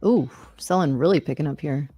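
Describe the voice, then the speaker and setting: A woman's voice: low-pitched, fairly quick, warm tone, slightly rough, soft background music. Upbeat, often laughing woman co-host. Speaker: co-host of a live trading show. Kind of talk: casual live-stream banter and market commentary.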